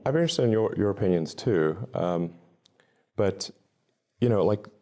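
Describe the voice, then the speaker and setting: A deep-voiced man answers an interview question. He halts often, filling pauses and restarting his sentences. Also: animated, warm tone. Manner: halting, many fillers and restarts. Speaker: interview guest.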